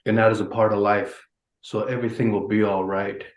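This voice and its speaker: A man voicing a calm, brave lost little boy in a spoken folk tale, with a roomy echo. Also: fairly low pitch, brisk, close to an everyday voice.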